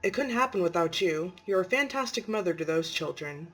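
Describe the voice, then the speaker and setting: A woman's voice: fairly low pitch, lively intonation, fairly quick, soft background music. A woman voicing a kind male doctor who talks in a reassuring, encouraging way, in an amateur story reading. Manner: warm and encouraging.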